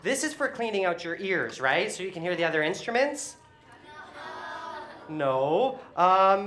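A woman's voice: mid-range voice, fairly bright tone. A woman hosting a children's music show, joking goofily and leading the audience in call-and-response. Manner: goofy, exaggerated, leads audience call-and-response. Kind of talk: playful children's TV presenting.

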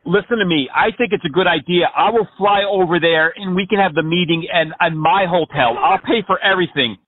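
A man's voice: high voice, brisk. A man making a prank phone call, ranting in a brash, profane, rambling way over the line. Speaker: prank caller.

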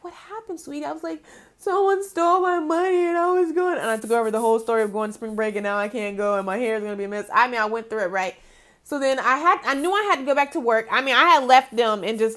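A young woman with a high voice gives a tarot reading in a loose, affectionate way. She talks in a chatty storytelling manner, full of fillers, and calls her listeners "honey". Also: a bit bright. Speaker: tarot reader. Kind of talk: casual spiritual card reading.

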